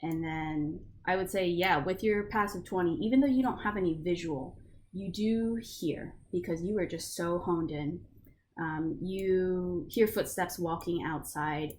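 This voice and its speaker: Low-voiced woman narrating as game master. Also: measured pace, darkish tone, a little hiss or hum. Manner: casual, filler-heavy narration.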